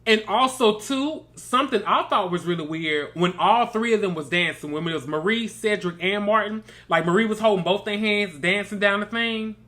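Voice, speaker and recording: A man runs a reality TV recap, chatty and sassy. His voice is bright and forceful, and he keeps calling his listeners baby and girl. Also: high voice, normal speed, hardly any pauses. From Mississippi. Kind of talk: casual review commentary.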